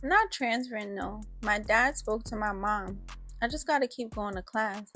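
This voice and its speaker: A woman's voice: medium pitch, fairly bright tone, soft background music. A woman narrating a first-person story in casual slang, voicing the other people's lines in her own voice. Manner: casual street-slang storytelling, quick snappy delivery of quoted lines.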